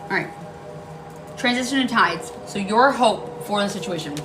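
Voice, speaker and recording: A woman's voice: mid-range voice, lively intonation, normal speed, music in the background, rough recording. A woman giving a casual tarot reading, blunt and emphatic, swearing freely and repeating key lines for emphasis. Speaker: tarot card reader.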